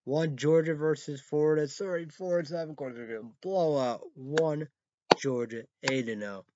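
A man hosting a casual sports recap, rambling through scores with halting repeats and fillers, now and then bursting out excitedly. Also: on the high side, highs cut off. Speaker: show host.

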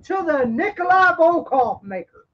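A woman's voice: very high-pitched, sing-song, a little slow, a bit bright. A woman co-hosting a wrestling podcast, ranting bluntly with lots of swearing. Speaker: podcast co-host. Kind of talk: profane wrestling podcast rant. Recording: dull lo-fi podcast audio.

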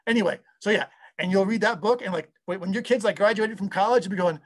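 An audio software engineer in his fifties chats casually in an interview, rambling enthusiastically and interrupting himself. His voice sits high, and he talks fast.

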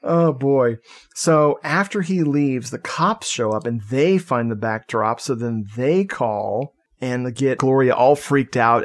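A man co-hosting a podcast, recapping a movie plot in casual chat, jokey and profane, laughing often. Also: medium pitch. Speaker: podcast co-host.

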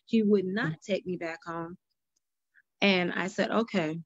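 A woman's voice: on the low side, steady tone, measured pace, no room sound, highs cut off. A woman speaking as a panel guest, giving earnest personal testimony and retelling past conversations. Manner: earnest storytelling, quoting past dialogue.

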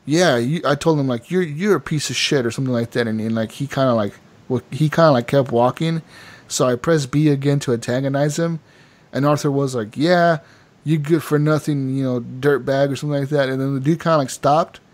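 A man chatting on a gaming podcast, telling a story at a loose, rambling clip. He keeps slipping into the voices of the people he met, piling on fillers like "like" and "you know." His voice sits at an ordinary middle pitch. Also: brisk. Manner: animated storytelling with quoted voices and filler words. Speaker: podcast co-host. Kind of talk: casual gaming podcast chat.

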